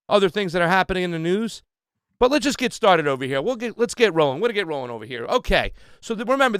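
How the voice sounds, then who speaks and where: A man's voice: sits high, fairly bright tone, clear, resonant tone, no room sound, clean studio sound. A man hosting a casual livestream trivia game, talking loosely with plenty of fillers and restarts.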